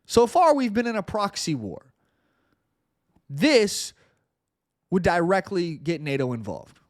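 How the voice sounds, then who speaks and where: A man's voice: high-pitched, very animated, takes it slowly, no echo. Earnest man with a dry close sound. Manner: earnest, repeats words when stressing a point. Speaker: podcast host. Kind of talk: political commentary.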